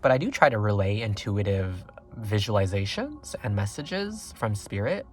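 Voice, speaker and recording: A man giving a casual pick-a-card tarot reading, talking in a rambling, excitable way with lots of fillers and sudden leaps up in pitch. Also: moderate pace, few pauses. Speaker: tarot reader.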